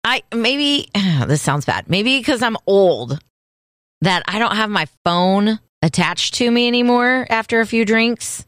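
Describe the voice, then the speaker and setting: Lively, animated woman co-host. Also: fairly high pitch, a little slow, no echo, studio quality. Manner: playful quiz-master, lively and chatty. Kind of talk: casual chat.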